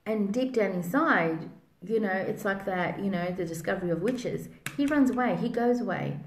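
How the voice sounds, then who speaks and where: A woman's voice: medium pitch, animated, moderate pace. A woman psychic giving a spiritual reading in a rambling way, full of fillers. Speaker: psychic reader. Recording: roomy echo.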